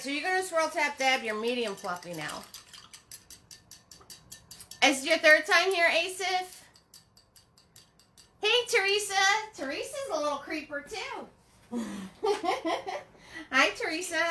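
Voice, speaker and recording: In an echoey room with faint music, a woman gives a live painting lesson in a high-pitched, pushed, bright voice. The instructor chats as she works and greets viewers by name, calling them things like sweetie and hon.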